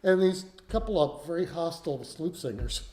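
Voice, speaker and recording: A man's voice: fairly high pitch, lively intonation, moderate pace, darkish tone. A man, a folk musician, telling a rambling, self-deprecating story on stage at a live concert, chuckling as he goes. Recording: roomy live venue sound with faint instruments.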